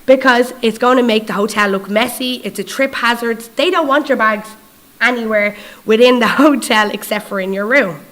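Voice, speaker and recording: A woman's voice: on the high side, normal speed, low-quality recording. A woman with an Irish accent giving a storytelling sermon as a guest preacher, acting out dialogue and checking in with her listeners. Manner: lively, acts out dialogue in quoted voices; conversational, checks in with the audience.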